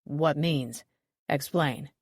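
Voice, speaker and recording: A woman's voice: low voice, dry recording, clean studio sound, voice pushed down, exaggerated voice. A woman voicing a stern, no-nonsense male detective. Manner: curt, measured questioning.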